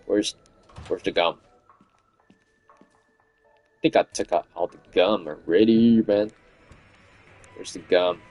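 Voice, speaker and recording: A man chatting casually through a game stream, his voice a little low and worn from hours of talking. He hums along and laughs easily as he goes. Faint game music plays quietly behind him. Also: slow, pauses often. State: voice fatigue. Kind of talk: casual gameplay commentary.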